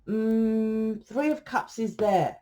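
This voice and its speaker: A woman's voice: on the high side, drawn-out words, dark tone. A woman giving a casual tarot reading, blunt and lecturing, swearing freely as she talks to her viewers. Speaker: tarot reader.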